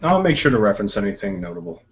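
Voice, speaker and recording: Male host of an online chat, low voice, talks at length, muffled web-call sound. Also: very animated, very fast, creaky, a little hiss or hum. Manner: articulate, explains at length. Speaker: host of an online discussion group. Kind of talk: casual group video chat. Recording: dull lo-fi web call audio.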